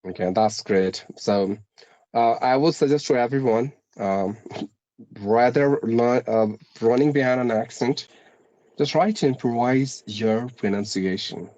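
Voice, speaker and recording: A man whose accent blends Indian, American and British English explains things in a measured way during a casual conversation, pausing and restarting often. His mid-range voice is warm, and the recording is muffled with no room sound.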